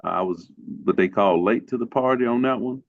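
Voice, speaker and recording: A man on a trading group call, calmly and reflectively telling how he held back from a trade. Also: medium pitch, moderate pace, no room sound, narrow, tinny audio.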